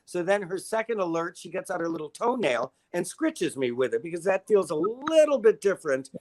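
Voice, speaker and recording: A man's voice: sits high, sing-song, brisk, darkish tone, a little hiss or hum. An older man, a guest in a casual interview, telling long stories in a wry, self-deprecating way.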